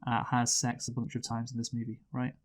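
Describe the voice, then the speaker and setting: A man's voice: mid-range voice, completely flat delivery, a little fast. A man hosting a movie review show in casual chat. He reads out a plot summary and keeps steering the talk back to the film.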